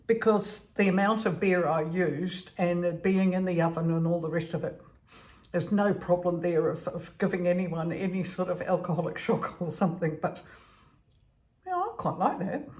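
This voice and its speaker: A woman's voice: on the low side, normal speed, darkish tone. A woman chatting casually as she bakes at home, laughing often and trailing off with fillers. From Netherlands. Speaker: vlogger. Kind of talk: casual home baking vlog.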